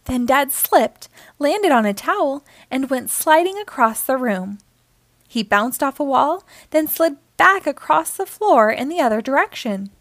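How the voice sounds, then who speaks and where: A woman hosting storytime, reading a children's book aloud with expressive storytelling. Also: high voice, measured pace, no echo. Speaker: storytime host.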